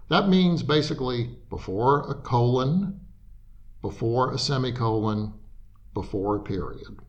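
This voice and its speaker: A man explaining writing principles in an interview, patient and methodical, pausing now and then to restart a thought. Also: medium pitch, dull audio. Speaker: writing expert guest.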